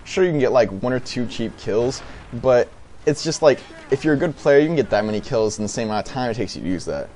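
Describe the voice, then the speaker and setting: A man's voice: mid-range voice, lively intonation, fast talker, a little mellow, a little hiss or hum. A young man giving off-the-cuff gameplay commentary, hesitant, with many fillers and restarts.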